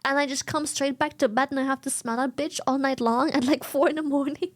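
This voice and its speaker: A woman's voice: high voice, steady tone, fairly quick. A young woman streamer chatting casually, rambling, swearing and giggling often. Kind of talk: casual chat.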